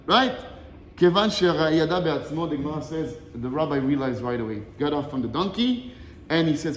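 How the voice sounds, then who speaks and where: A man giving a short Torah lesson, telling a Talmud story with lively swings between Hebrew quotes and English explanation. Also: on the high side, fast talker, reverberant, big-room sound, a little hiss or hum. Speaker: Torah teacher.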